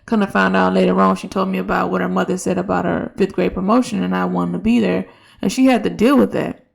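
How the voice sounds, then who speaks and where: A woman's voice: mid-range voice, fairly even intonation, fast, vocal fry. A young woman, a teacher hosting her own podcast, reflecting in a casual, conversational way with frequent restarts. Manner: conversational, with many restarts and quoted dialogue. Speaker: podcast host, elementary school teacher.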